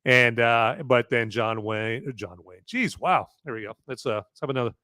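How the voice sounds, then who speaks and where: A man's voice: mid-range voice, normal speed, sharp tone, no echo. A man hosting a live film-review podcast, chatting casually in a rambling, jokey way with some swearing. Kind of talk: casual live-stream chat.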